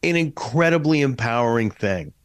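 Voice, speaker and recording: A man co-hosting a podcast in casual chat, talkative and quick to laugh. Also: mid-range voice, lively intonation. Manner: laughs often, eager and talkative.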